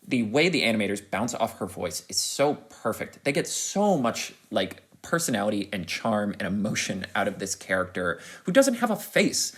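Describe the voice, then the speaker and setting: A man with a fairly low, husky voice hosts a podcast and reviews a film with open enthusiasm. His pitch swings widely as he gets excited, and he rambles, restarts and piles on fillers. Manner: animated, rising to excited peaks. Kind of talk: casual spoken review.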